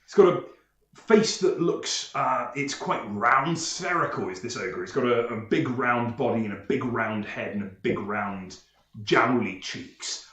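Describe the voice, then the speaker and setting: A man narrating as game master, unhurried, with many fillers and pauses. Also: mid-range voice, expressive, a bit bright, roomy sound.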